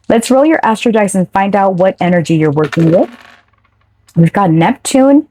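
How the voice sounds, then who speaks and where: A woman's voice: mid-range voice, mellow, dry recording. A woman giving a casual, chatty tarot reading straight to her viewers, now and then swearing offhand. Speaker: tarot reader.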